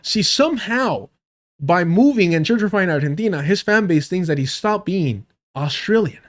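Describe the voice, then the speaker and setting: Guy ranting to chat on a live stream, swears a lot, mocking, kinda high-pitched. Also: moderate pace. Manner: profane, mocking, animated rants to chat. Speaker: streamer host reviewing a debate. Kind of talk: live-stream reaction commentary.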